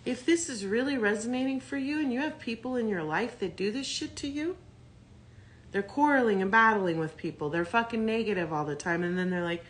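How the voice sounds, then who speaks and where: A woman's voice: fairly high pitch, fairly quick. A woman doing a casual tarot reading to camera, blunt and profane, thinking aloud as she talks. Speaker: tarot reader.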